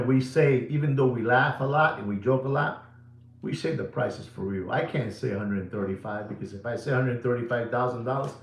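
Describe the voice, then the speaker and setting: A middle-aged man pitching watches on a live show, repeating himself like a showman and dropping from booming bursts to near-whispers. Spanish words pop up in his English. His voice sits at an ordinary pitch in a roomy, echoing space. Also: a little hiss or hum. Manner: showman-like, repetitive, swings between booming and hushed. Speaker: watch dealer hosting a live sales show. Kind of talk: live sales pitch to viewers. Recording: roomy echo.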